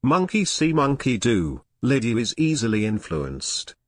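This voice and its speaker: A man's voice: medium pitch, sing-song, measured pace, dry recording. A synthetic male voice reading out viewers' chat messages, short teasing quips delivered matter-of-factly.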